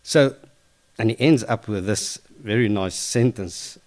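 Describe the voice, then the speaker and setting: A man retelling a Bible story informally, lively and conversational, with fillers and self-corrections. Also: lowish voice, a little slow.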